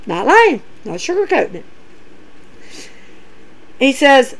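A woman recapping wrestling episodes in an excitable, animated way, retelling quoted lines as she goes. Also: high-pitched, slow pace, long pauses, rough recording. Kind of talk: casual recap commentary.

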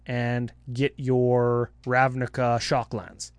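Animated man chatting card strategy, dry sound. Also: medium pitch, clean tone, no echo. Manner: animated, quick asides and jokes. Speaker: podcast co-host. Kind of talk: casual game-strategy chat.

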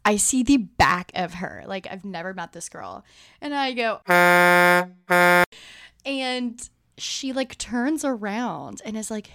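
Young female podcast co-host, twenties, giggly storyteller with a high, very animated voice. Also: takes it slowly, long pauses, dry recording, clean studio sound. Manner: bubbly storyteller, laughs often, acts out quotes. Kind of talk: casual chat.

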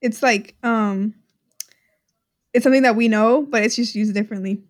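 Young woman from Texas, high voice, giggly, joking, casual podcast chat. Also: steady tone. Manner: giggly, joking, quick to laugh. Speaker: podcast co-host.

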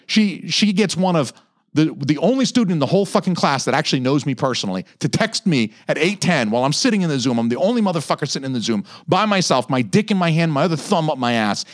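A man in his thirties hosts a podcast, ranting in a casual, profane way at a quick pace. Animated and swearing heavily, he mock-quotes other people in a raised pitch, recorded in studio quality with no room sound.

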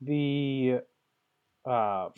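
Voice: medium pitch, drawn-out words, clear, resonant tone, narrow, tinny audio. A podcast co-host in casual chat, sharing trivia in a matter-of-fact way.

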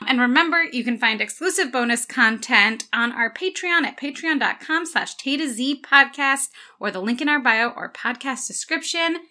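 A woman's voice: sits high, expressive, normal speed, hardly any pauses, pushed and bright. A young woman co-hosting a casual podcast, chatty with lots of fillers and frequent laughs. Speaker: podcast co-host. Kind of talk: casual chat.

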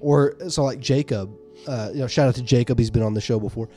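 A man co-hosting a casual podcast chat, an animated storyteller who laughs often. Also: medium pitch, quick pace, faint music behind. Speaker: podcast co-host.

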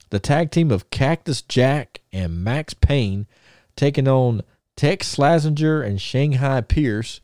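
A man talks casually on a podcast, retelling old stories in a loose, rambling way full of restarts. His voice is mellow and warm. The recording is close and dry. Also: medium pitch, smooth, no room sound. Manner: rambling storyteller, many restarts and chuckles. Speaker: podcast co-host. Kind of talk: casual chat.

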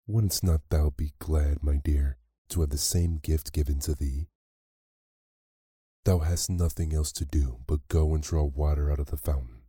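A man voicing a harsh, scolding mother in a storybook reading, with old-fashioned speech, close to his own deep voice. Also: steady tone, measured pace, warm tone, husky, no room sound, exaggerated voice. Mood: scheming.

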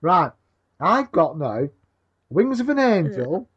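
A man in crude, rambling casual banter as podcast co-host, sweary and excitable. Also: a little high, slow, husky. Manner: sweary, excitable, mock-indignant. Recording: dull lo-fi recording.

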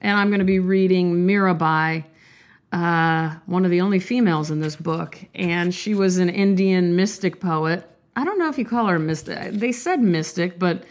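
A young woman with a cold, chatting in a rambling, candid, self-deprecating way before reading a poem aloud. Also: fairly low pitch. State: sick, coughing. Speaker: artist vlogger. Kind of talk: casual confessional chat and poetry reading.

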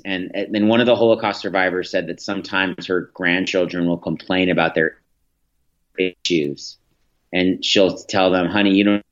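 A man in his thirties, a guest telling earnest stories in an interview, with frequent restarts. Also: deep voice. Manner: earnest, anecdotal, with many restarts. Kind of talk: storytelling in a podcast interview. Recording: dull lo-fi audio.

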